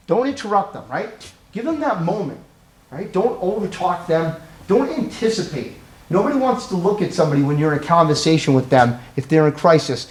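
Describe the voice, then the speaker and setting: With a fairly high-pitched voice, this man delivers a live training session on crisis intervention, quizzing listeners and capping statements with "right?".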